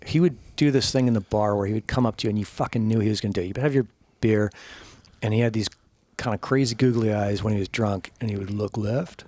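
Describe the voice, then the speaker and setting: A man's voice: on the low side, fast, darkish tone, no room sound. Amused, profane middle-aged man. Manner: profane, amused, acts out what friends said. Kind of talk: casual storytelling chat.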